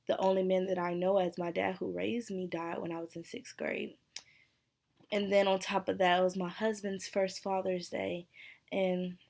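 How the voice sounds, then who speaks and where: Candid woman vlogger, flat even voice. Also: on the low side, gravelly. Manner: emotional, candid, sighs and hesitates. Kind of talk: personal vlog talking to camera.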